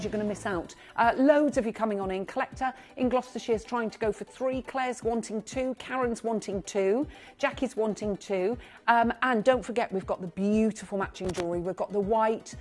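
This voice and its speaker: A woman presenting live shopping TV, chatty and gushing as she reads out buyers' names, now and then clearing her throat. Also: on the high side. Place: TV studio.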